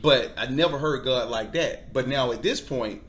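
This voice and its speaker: A man telling a personal faith testimony in conversation, earnest and halting, with frequent restarts. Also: mid-range voice, a bit bright, slight background noise. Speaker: guest.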